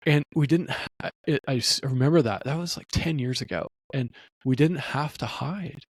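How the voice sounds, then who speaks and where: A man's voice: medium pitch, moderate pace, husky, no echo. A middle-aged man hosting a podcast, speaking earnestly and supportively as he shares stories. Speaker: podcast host. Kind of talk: podcast conversation.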